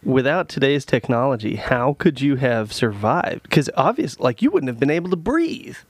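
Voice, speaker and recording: A man's voice: mid-range voice, sing-song, moderate pace, slight background noise. A man co-hosting a podcast, chatting casually, telling sarcastic stories and rambling with plenty of fillers. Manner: joking, sarcastic storytelling. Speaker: podcast co-host. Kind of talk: casual chat.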